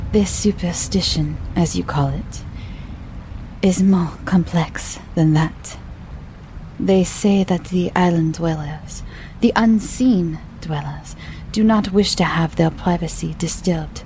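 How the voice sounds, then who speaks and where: A woman voicing a grave middle-aged male Breton innkeeper who speaks slowly and sinks into hushed whispers. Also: medium pitch, creaky, slight background noise, poor audio. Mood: ominous whisper. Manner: slow, solemn, drops to a whisper.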